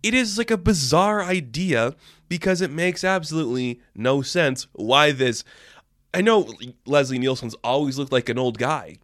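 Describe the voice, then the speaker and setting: Excitable young man recapping a movie. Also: medium pitch, no room sound, studio quality. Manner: excitable, rambling, often incredulous. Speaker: movie reviewer.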